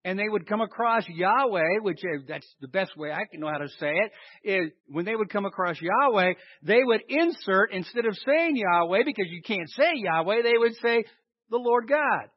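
A man's voice: high voice, moderate pace, no room sound. A man preaching a sermon, quizzing his listeners with questions and answering them himself. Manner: animated, asks the congregation questions and answers them. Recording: dull lo-fi recording.

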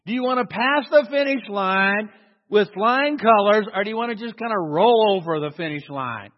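A man's voice: high voice, expressive, normal speed. A man preaching a sermon to a congregation, emphatic and calling for responses. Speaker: pastor. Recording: dull sound in a long-reverb hall.

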